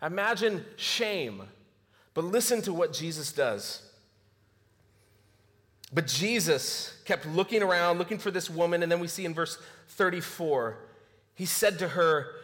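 A man's voice: fairly high pitch, lively intonation, measured pace. Preaching man in an echoing hall. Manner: storytelling, acts out scripture quotes with softer voice. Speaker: pastor. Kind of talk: sermon. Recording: long hall reverb.

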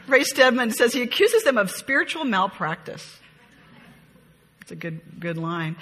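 A woman's voice: mid-range voice, lively intonation, unhurried, fairly bright tone, husky, in a large hall. A woman leading a conversational Bible study, reading scripture aloud with expression and then musing on it in a chatty, reflective way. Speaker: Bible teacher.

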